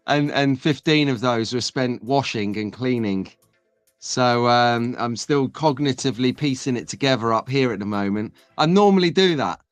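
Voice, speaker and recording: A man's voice: mid-range voice, measured pace, smooth, no echo, faint music behind. A man hosting a casual live stream, chatting and joking with viewers, having just woken up. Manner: chatty, jokey banter with the chat. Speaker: host.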